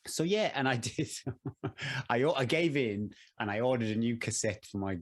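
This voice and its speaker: A man's voice: mid-range voice, lively intonation, normal speed. A man co-hosting a running podcast in casual chat, easygoing and self-deprecating. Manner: easygoing, self-deprecating, laughs at own jokes. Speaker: podcast co-host.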